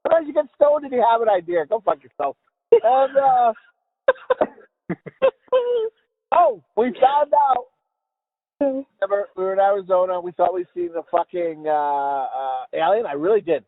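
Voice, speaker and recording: High, lively mumbling man on a tinny line. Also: normal speed, pauses often. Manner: mumbling, rambling, swears a lot. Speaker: podcast co-host. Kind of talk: casual rambling chat. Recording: tinny phone-like sound with a long reverb tail.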